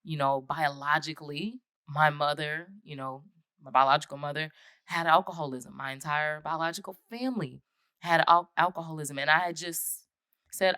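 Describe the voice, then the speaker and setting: A woman's voice: low-pitched, steady tone, moderate pace, sharp tone, no echo, clean studio sound. A woman from the United States, a podcast guest, telling her personal story in an earnest way and acting out past conversations. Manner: earnest, reenacts past conversations in quoted voices.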